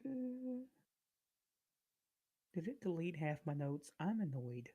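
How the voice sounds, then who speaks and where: A man narrating as game master of a tabletop game, relaxed and rambling, with many fillers. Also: fairly high pitch, slow pace, slightly rough, dull audio.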